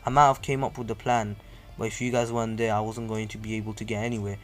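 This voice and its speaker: A man voicing a cocky young male ninja with flat, dismissive retorts, in a casually retold fan story. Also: on the low side, fast, faint music behind, lightly acted. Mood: cool, taunting.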